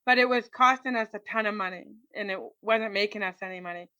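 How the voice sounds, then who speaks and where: A woman from Canada, a guest in an interview, telling her personal story in a lively way and acting out what people said. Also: medium pitch, fast, clear, resonant tone, dry recording. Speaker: interview guest, motivational speaker.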